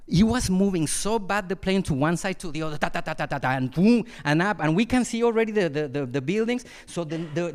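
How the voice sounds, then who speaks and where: Male monk, high voice; animated storyteller who mimics sounds. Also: clean tone. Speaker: monastic teacher. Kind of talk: dharma talk with storytelling. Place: retreat hall.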